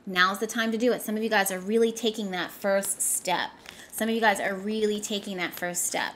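A woman's voice: mid-range voice, fairly even intonation, brisk, a bit bright, slight background noise. A woman giving a casual tarot reading straight to her viewers, talking emphatically and often repeating herself for effect. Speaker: tarot reader.

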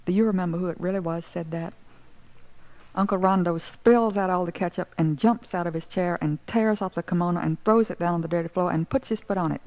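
Woman reading a story, wry and aggrieved, gravelly dark voice, muffled lo-fi sound. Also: lowish voice, brisk. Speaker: narrator. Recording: dull lo-fi recording.

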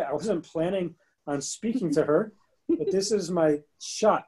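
A man in his thirties co-hosting a podcast, telling an animated story in a casual chat. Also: sits high, moderate pace, slightly rough, rough recording. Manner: animated storyteller, bursts into rapping. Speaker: podcast co-host.

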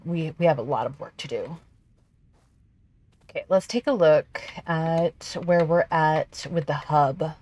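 A woman with a slightly low voice hosts a gameplay video. She chats casually and excitably, talking to herself as she plays. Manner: chatty, excitable, talks to herself while playing. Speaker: gaming video host.

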